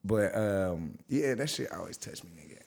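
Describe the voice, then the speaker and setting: A man co-hosting a podcast, talking casually in an animated way and swearing freely. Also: on the low side, normal speed, vocal fry, breathy edge. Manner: animated and profane. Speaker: podcast co-host. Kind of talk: casual chat.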